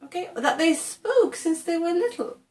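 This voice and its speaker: A woman's voice: extremely high pitch, lively intonation, moderate pace, darkish tone, reverberant. A woman from England teaching English pronunciation in an encouraging tutorial, often checking in with "okay" and demonstrating sounds.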